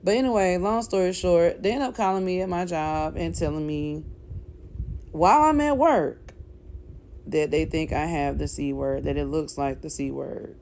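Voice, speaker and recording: A woman's voice: deep voice, normal speed, darkish tone, slight background noise. A woman giving an emotional personal testimony in a candid, chatty way, speaking straight to viewers and speaking openly about her faith. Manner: faith-filled, calls for casting down negative words. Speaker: vlogger sharing a personal testimony.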